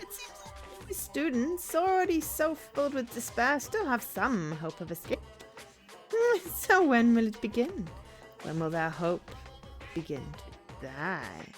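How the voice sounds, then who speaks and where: A woman's voice: on the high side, sing-song, a little slow, faint music behind, voice pushed up. A woman doing an impression of a gleeful, taunting male bear villain, with a theatrical, gloating delivery.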